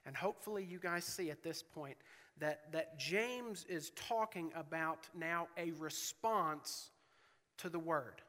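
Bright-voiced man preaching in a reverberant hall. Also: on the high side, slow pace. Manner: earnest, reads scripture aloud with rising emphasis. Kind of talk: sermon.

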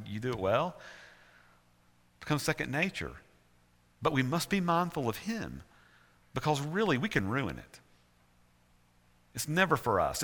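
A male pastor with a Southern US accent preaching a sermon earnestly, with emphatic repetition. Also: mid-range voice. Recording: reverberant church hall.

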